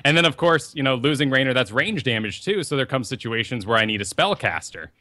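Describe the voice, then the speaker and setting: A young man with a bright, forward voice co-hosts a gaming podcast. His pitch swings widely as he tells rambling stories with a lot of energy. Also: fast talker. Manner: animated, rambling storyteller. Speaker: podcast co-host. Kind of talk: casual podcast chat.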